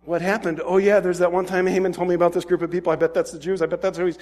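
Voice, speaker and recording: A man voicing an impulsive king who talks in a quick, gushing way. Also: high voice, level tone, a little mellow, lightly acted. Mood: agitated. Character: excitable male king, impulsive.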